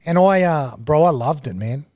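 A man with an Australian accent, a guest telling lively stories in a casual podcast interview and acting out other people's lines. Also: a little high, moderate pace, a loud crowd. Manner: animated storyteller, mimics others in dialogue.

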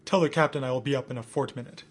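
A man's voice: medium pitch, fast talker, slightly rough, close to an everyday voice. A man playing a stern ship's first mate who demands that his crew fear whales. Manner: stern, commanding.

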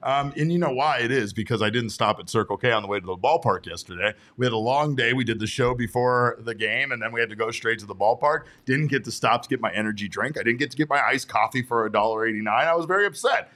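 A man with a hoarse voice, co-hosting a casual sports podcast and ranting playfully with excitable energy. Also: medium pitch, quick pace, hardly any pauses.

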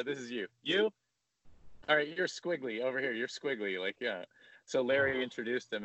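Animated storytelling man, dry lo-fi sound. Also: fairly low pitch, dry recording. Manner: animated, acts out coaches' lines while telling stories. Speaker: podcast co-host. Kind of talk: casual sports storytelling.

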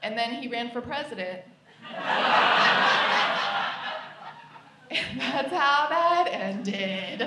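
A woman from the United States performing stand-up comedy on a live stage, with deadpan, repeated punchlines. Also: high-pitched, slow pace, long pauses. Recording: echoey live venue, distant mic, noise.

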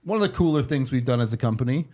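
A man's voice: mid-range voice, lively intonation, darkish tone. A man hosting a sports podcast, reading sponsor ads between casual chat and laughing often. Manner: laughs often, brisk ad reads. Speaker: podcast host.

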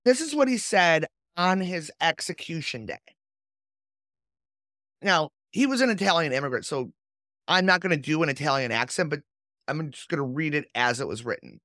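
A woman's voice: sits low, animated, moderate pace, a bit bright, no echo, clean studio sound. A woman hosting a podcast, reading sources aloud and chatting in a sardonic, storytelling way. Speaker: podcast host.

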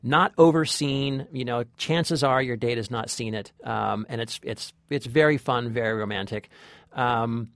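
A man's voice: medium pitch, unhurried, no room sound, clean studio sound. A man co-hosting a movie podcast, chatting casually with many restarts and laughs. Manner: hesitant restarts, laughs often. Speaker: podcast co-host.

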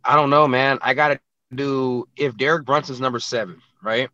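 A man's voice: medium pitch, fairly even intonation, moderate pace, sharp tone, no echo, dull audio. A man who is a professional fighter, talking bluntly and brashly in a casual interview, filling his speech with "you know, it's like".

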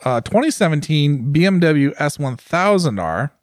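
A man's voice: on the high side, animated, moderate pace, no echo, clean studio sound. A man co-hosting a casual podcast chat, teasing and playful. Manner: teasing, playful, bursts into mock voices. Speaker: podcast co-host.

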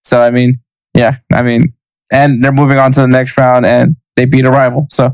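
A man's voice: mid-range voice, flat delivery, normal speed, dry recording, rough recording. A man co-hosting a casual soccer podcast, speaking hesitantly with stammers and restarts. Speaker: podcast co-host. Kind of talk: casual sports chat.

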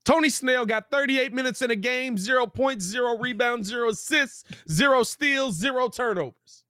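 A man co-hosting a casual sports podcast, talking in animated, emphatic riffs. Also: very high voice, no room sound, studio quality. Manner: animated, emphatic riffing with dramatic pauses.

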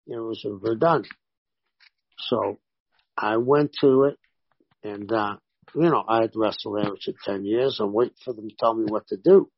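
A man, a former pro wrestler, telling animated stories in a casual interview and voicing the people in them. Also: lowish voice, normal speed, long pauses, husky, dry recording, muffled recording. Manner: animated anecdotes with voiced quotes.

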